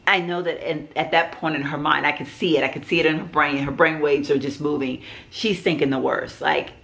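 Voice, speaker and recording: A woman's voice: sits low, a bit bright. A middle-aged woman vlogger telling a personal story in a rambling way, with many fillers and restarts.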